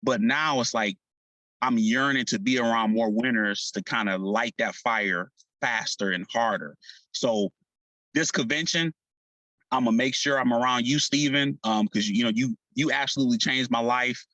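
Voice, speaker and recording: A man's voice: medium pitch, fairly even intonation, moderate pace, pushed and bright, no room sound, rough recording. A man on a team call, fired up and casual, often laughing and trailing off mid-sentence.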